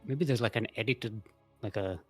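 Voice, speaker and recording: A man's voice: lowish voice, moderate pace, soft background music. A man casting a live strategy-game match with a playful, joking manner. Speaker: esports caster.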